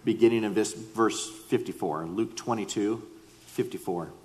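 Low-voiced preacher in a reverberant hall. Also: male voice, normal speed, darkish tone. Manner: earnest, re-enacts quotes with rising emphasis. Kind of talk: sermon with Bible reading. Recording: long reverb of a large hall.

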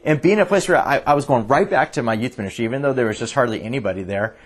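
A pastor delivers a sermon in a medium-pitched, rapid-fire voice, telling stories earnestly and animatedly while frequently restarting his sentences.

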